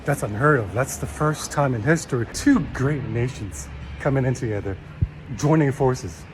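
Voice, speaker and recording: A man's voice: medium pitch, moderate pace, background noise. A man giving a playful, wry social media monologue. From China. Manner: wry, playful, building to loud cheers.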